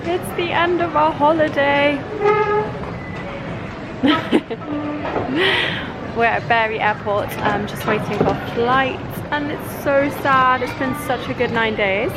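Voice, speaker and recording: British woman, travel vlogger, bubbly and gushing, voice sits a little high. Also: slow, pauses often, heavy background noise. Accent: British English. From Britain. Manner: bubbly, gushing, chatty tour-guide talk. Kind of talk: travel vlog chat.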